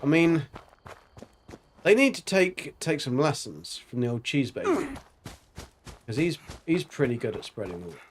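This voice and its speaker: A man's voice: a little high, big pitch swings, normal speed, long pauses, slight background noise. A man streaming a video game, chatting casually and rambling with jokes and silly sound effects. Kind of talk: casual gameplay commentary.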